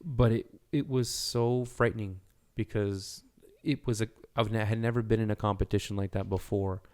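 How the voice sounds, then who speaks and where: A man with a fairly low speaking voice, talking as a guest on a casual podcast. He rambles, circles back and restarts his sentences while working through his thoughts. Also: fairly even intonation, moderate pace, a little mellow, clear, resonant tone. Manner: rambling, lots of restarts and fillers. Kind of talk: casual chat.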